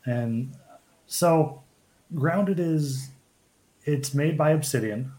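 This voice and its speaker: A man hosting a casual podcast chat, talking in a halting way with frequent restarts and fillers. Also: fairly high pitch, dark tone. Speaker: podcast host.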